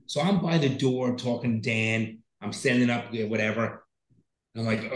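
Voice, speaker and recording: A man's voice: medium pitch, fairly even intonation, normal speed. Profane, rambling man in an echoey room. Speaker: podcast co-host. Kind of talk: casual chat.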